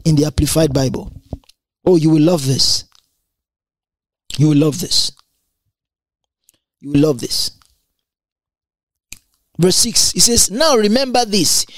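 A woman giving a Bible teaching sermon, reading verses aloud and explaining them in an animated, exclamatory way, often stumbling and repeating words. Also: mid-range voice, no room sound.

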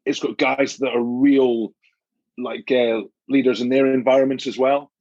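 A man who has captained rugby teams, talking as a guest in a casual chat, measured and thinking aloud with frequent restarts. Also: mid-range voice, level tone, a little mellow, dry recording, dull audio. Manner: measured, reasoning aloud with repeats.

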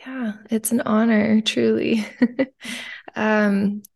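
Woman, podcast host, very gravelly voice, casual rambling chat, lots of ums. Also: fairly high pitch, fairly even intonation, drawn-out words, darkish tone. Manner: rambling, with frequent ums and restarts.

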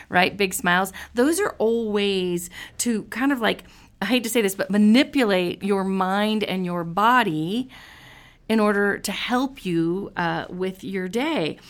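A woman hosts a motivational podcast in a loose, chatty way. She sounds upbeat and encouraging, with a gravelly edge of vocal fry. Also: medium pitch, measured pace. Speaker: podcast host. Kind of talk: casual motivational podcast chat.

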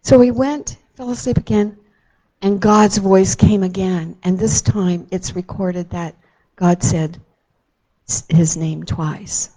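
A woman tells a child a Bible story, gentle and unhurried, leaning into key moments with dramatic emphasis before softening again. Her voice is medium-pitched with a steady tone, and the recording is rough.

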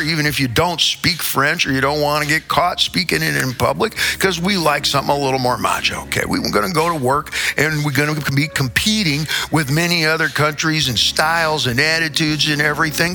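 A man's voice: fairly high pitch, pushed and bright. A man in his sixties delivering a rambling, profane comic rant. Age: 60s.

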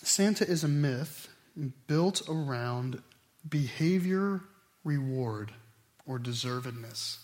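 A middle-aged man preaching a sermon, animated, swinging between loud emphatic stretches and quiet asides. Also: medium pitch, slow pace. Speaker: pastor.

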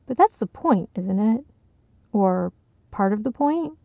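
A woman's voice: medium pitch, animated, a little slow, vocal fry, dry recording, narrow, tinny audio. A woman reading Cheryl, a timid cautious woman. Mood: agreeing. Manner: cautious, worried. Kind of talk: audiobook character reading.

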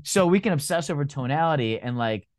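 A man's voice: a little high, lively intonation, fairly quick, dry recording, clean studio sound. A man in casual conversation, rambling and filling his talk with "like" as he asks questions. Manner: rambling, heavy on "like" fillers.

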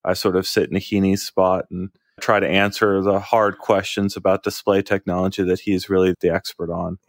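A man co-hosting a casual tech show in a studio, talking through the news in a measured, analytical way. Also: low-pitched, level tone, no echo. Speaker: co-host.

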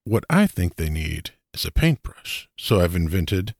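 A man's voice: low-pitched, big pitch swings, unhurried, husky, dry recording, clean studio sound. A man co-hosting a casual podcast, laying out his ideas step by step in an easygoing way. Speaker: podcast co-host.

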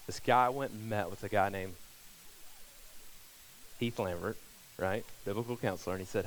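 A man's voice: on the low side, moderate pace, pauses often, a little hiss or hum, rough recording. A man preaching a sermon to his church, telling stories and building to fervent, emphatic appeals. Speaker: pastor.

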